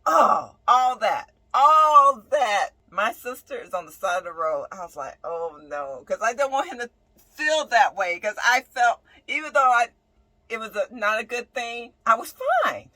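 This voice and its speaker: A woman, a nurse who lives in her bus, telling a casual storytime about a breakdown with animated, emphatic delivery and frequent "right?" asides. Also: on the high side, measured pace, no echo, rough recording. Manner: dramatic swings between loud outbursts and quiet mutters. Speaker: nurse and bus-dwelling vlogger.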